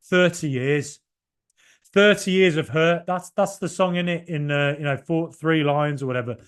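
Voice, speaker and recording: Excited football podcast host, passionate, rambling. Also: male voice, on the high side, moderate pace, smooth. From Ireland. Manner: rambling, passionate, swings from shouting to muttering. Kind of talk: excited solo match reaction.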